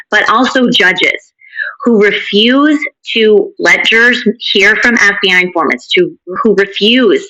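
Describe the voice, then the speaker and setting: A woman's voice: on the low side, pushed and bright, rough recording. A woman speaking as a guest commentator, laying out her case in firm, detailed commentary. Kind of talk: political commentary.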